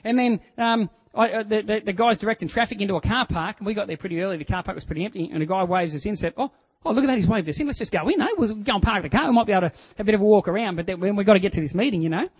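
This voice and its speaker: A middle-aged Australian pastor with a notably high voice preaches with animated storytelling. He drops to near-whispers on key words, then rises sharply as he acts out voices. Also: racing, husky, rough recording. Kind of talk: sermon.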